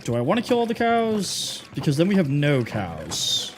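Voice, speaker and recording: A man's voice: fairly high pitch, wildly swooping pitch, normal speed, a little hiss or hum. A man live-streaming a building game, chatting casually and teasing his viewers as he reads their messages. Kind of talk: casual gameplay live stream, reading chat.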